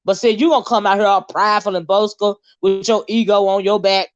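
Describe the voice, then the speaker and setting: A woman's voice: mid-range voice, fairly even intonation, brisk, no echo, muffled recording. A woman hosting a casual live-stream commentary, sassy, blunt and profane as she talks to her viewers. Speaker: host.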